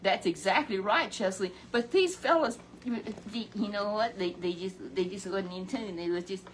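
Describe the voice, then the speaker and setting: A woman telling a Bible story in a folksy, animated way, often exclaiming and addressing a companion by name. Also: mid-range voice, normal speed, a little hiss or hum.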